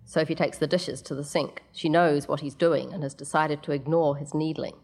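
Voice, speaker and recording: A woman narrating a story aloud in a measured way, with the odd casual aside. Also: sits low, steady tone, darkish tone.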